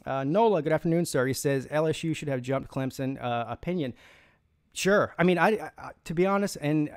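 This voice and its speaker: A man's voice: a little high, fairly quick, clean tone. A man hosting a live sports stream, rambling through opinions and reading out viewer comments, with frequent restarts and fillers. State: has the hiccups. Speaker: sports channel host.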